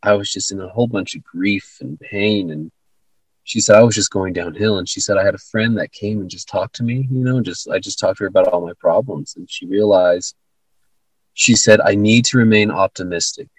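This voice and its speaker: Low husky man, earnest storytelling. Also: brisk, no echo, rough recording. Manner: earnest, retells stories with lots of fillers. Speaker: podcast co-host. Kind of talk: casual conversation.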